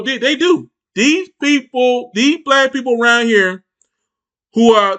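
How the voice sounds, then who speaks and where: A man's voice: extremely high pitch, bright, forceful tone. A man hosting a reaction channel, giving heated, mocking commentary with lots of repetition.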